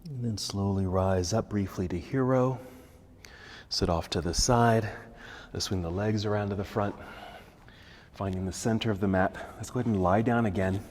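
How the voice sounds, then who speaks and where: Calm low-voiced male yoga instructor. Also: normal speed, in a large hall. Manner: calm, encouraging cues with breath prompts. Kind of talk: guided yoga class instruction. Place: yoga studio.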